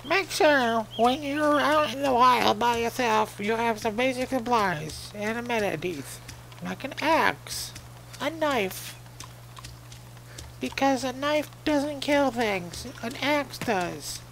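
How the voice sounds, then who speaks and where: A deadpan survival-show guide with a thin, high voice, as a man puts it on. The words crawl out slowly with a gravelly crackle, laying out tips in a flat, mock-serious tutorial tone. It sounds like a spoof of a wilderness broadcast. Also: exaggerated voice. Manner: slow mock-instructional delivery.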